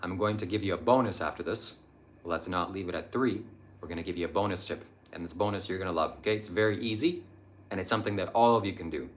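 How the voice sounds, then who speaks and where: Low-voiced man live-streaming spiritual advice. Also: fast talker. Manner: earnest, meandering, hesitant with many ums. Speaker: livestream host answering viewer chat.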